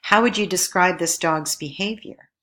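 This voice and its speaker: A woman with a low voice narrates a recorded lesson. She speaks clearly and at a measured pace, posing question after question to her viewers as an instructor. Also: fairly bright tone.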